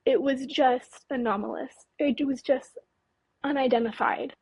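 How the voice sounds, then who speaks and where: A nervous young woman in her late 20s, a UFO researcher from California's Mojave Desert, tells an interviewer about her experience, trembling with fear, faltering over words and restarting her sentences in a breathy, somewhat high voice. She speaks a little slowly, in a steady, slightly mellow tone. The poor-quality audio sounds dry and close.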